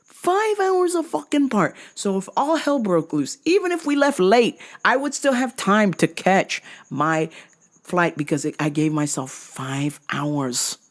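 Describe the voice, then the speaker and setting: Animated, profane woman ranting a story. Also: fairly low pitch, unhurried. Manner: profane, exasperated, animated retelling; drags words out for emphasis. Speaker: vlog host. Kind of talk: casual storytelling rant.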